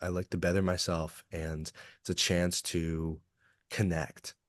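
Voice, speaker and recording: This Kentucky-born executive coach has a low voice with little pitch movement and an unhurried delivery. As a podcast interview guest he's earnest, reflective, and emotionally open, recorded at studio quality with no echo.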